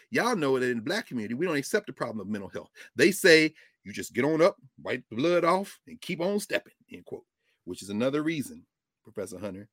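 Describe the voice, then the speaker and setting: A middle-aged man lecturing as a professor and show host, preacherly, with vernacular speech and big swings between loud and low. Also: dry recording, clean studio sound. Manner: uses African American vernacular. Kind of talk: lively lecture to an audience.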